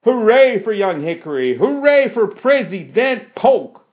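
A man voicing a bold frontier woman who shouts to rally and calm a crowd. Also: sits high, measured pace, pitched above the performer's own voice. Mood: cheering. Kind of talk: audiobook character reading. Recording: dull lo-fi recording.

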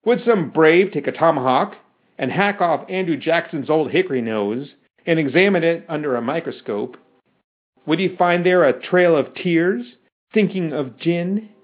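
A man voicing a lecturing metal professor who ticks mechanically between measured sentences. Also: on the high side, animated. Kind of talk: audiobook character reading. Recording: dull lo-fi recording.

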